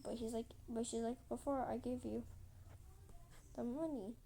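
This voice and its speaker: A woman's voice: fairly high pitch, steady tone, moderate pace, gravelly, mellow, slight background noise. A woman telling a rambling story casually while drawing, repeating herself and acting out quotes with lots of "like". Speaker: channel host.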